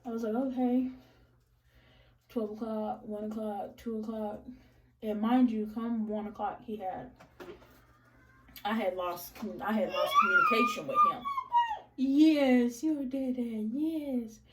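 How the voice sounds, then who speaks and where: A woman's voice: on the high side, takes it slowly, pauses often. A young woman casually telling a story, acting out the other people's lines in changed voices. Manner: animated, acts out each person's lines in changed voices; addresses listeners as "y'all". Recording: distant mic with faint noise.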